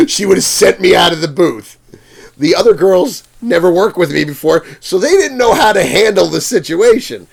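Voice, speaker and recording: Animated man telling a story with lively pitch. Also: normal speed, vocal fry, breathy edge. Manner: animated, swears freely, acts out quotes, laughs often. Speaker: podcast guest, fang maker. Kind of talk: casual storytelling. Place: podcast studio.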